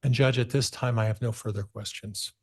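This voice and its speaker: A man's voice: mid-range voice, steady tone, fairly quick, slightly rough. A man working as a defense attorney, methodically questioning a witness in a courtroom with some hesitations.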